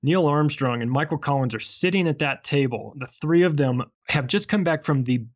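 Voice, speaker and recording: A man who is an author and podcast guest, talking in a chatty, animated way and acting out small exchanges. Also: on the high side, moderate pace, muffled recording. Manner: chatty and animated, acts out little dialogues. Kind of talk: casual conversational interview.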